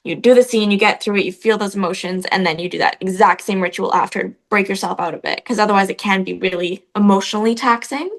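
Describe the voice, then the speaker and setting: A young actress chatting as an interview guest, telling stories with frequent filler words. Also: female voice, medium pitch, fairly even intonation, fast, few pauses. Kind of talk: casual interview chat.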